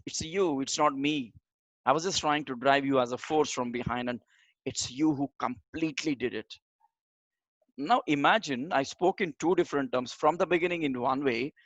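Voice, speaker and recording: An energetic man runs a live online communication class, speaking straight to his learners and repeating key phrases for emphasis. His voice sits at a middle pitch and sounds close and dry, with no room echo. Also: lo-fi sound. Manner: energetic, motivational, talks straight to the audience. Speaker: communication trainer.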